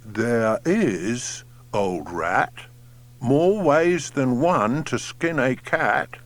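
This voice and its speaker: A man reading an audiobook and voicing a slow, scheming old male tortoise who speaks deliberately. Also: medium pitch, animated, pitched below the performer's own voice. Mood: sly, deliberate.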